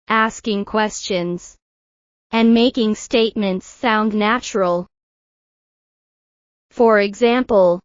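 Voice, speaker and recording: A woman in a scripted pronunciation lesson speaks at a slow, careful pace in a slightly high voice. She models each word deliberately for the learner to repeat. The recording is dry and a bit dull and lo-fi. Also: darkish tone, dry recording. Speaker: English pronunciation teacher.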